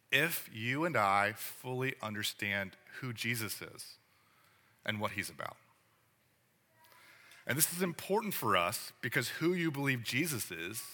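A man's voice: medium pitch, sharp tone, long reverb tail. A man preaching a sermon as pastor, conversational and full of rhetorical questions. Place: church sanctuary.

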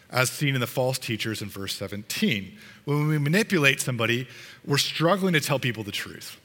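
A man's voice: medium pitch, pushed and bright, long reverb tail. A man preaching a sermon to his congregation in an earnest, conversational way, sometimes restarting his sentences. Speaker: pastor.

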